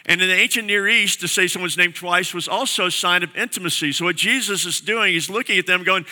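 A man's voice: high-pitched, fairly quick, hardly any pauses, sharp tone. A male pastor preaching a sermon, explaining scripture in a conversational, storytelling way in a church sanctuary. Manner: conversational teaching with vivid explanations. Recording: long hall reverb.

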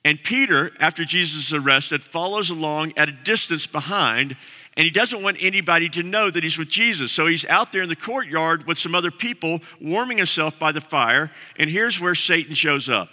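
A man's voice: a little high, animated, normal speed, sharp tone. A man preaching a sermon as pastor, earnest and repeating key phrases for emphasis. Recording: long reverb of a large hall.

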